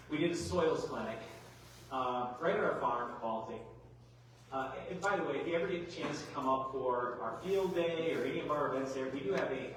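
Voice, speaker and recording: A middle-aged man giving a farm workshop talk, folksy and animated, full of rhetorical questions. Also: mid-range voice, a little hiss or hum. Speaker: agronomy speaker. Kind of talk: workshop presentation. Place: large hall. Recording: echoey hall, mic far off.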